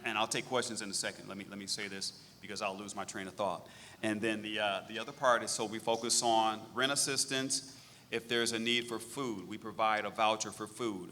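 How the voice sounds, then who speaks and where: A middle-aged man, a veterans services director presenting at a public meeting, talking briskly and directly and repeating phrases for emphasis. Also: lowish voice, sharp tone, in a large hall, a little hiss or hum.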